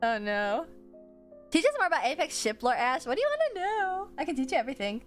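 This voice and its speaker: Woman streamer with a high voice, loose and swearing, over faint background music. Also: sing-song, a little fast. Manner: chatty, swears freely, answers chat, laughs often. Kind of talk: casual stream chat while drawing.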